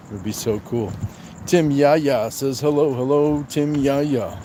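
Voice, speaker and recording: A man hosting a casual livestream on a night walk, greeting viewers by name and answering their comments in a relaxed way. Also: medium pitch, takes it slowly, pauses often, background noise. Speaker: livestream host.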